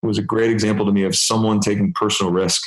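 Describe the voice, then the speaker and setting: A man in his fifties tells stories as an interview guest, playing out quoted dialogue with lively energy. His voice sits low. The room gives it a roomy echo. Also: quick pace. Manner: animated storyteller, acts out quoted dialogue. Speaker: interview guest, business executive. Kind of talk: storytelling interview.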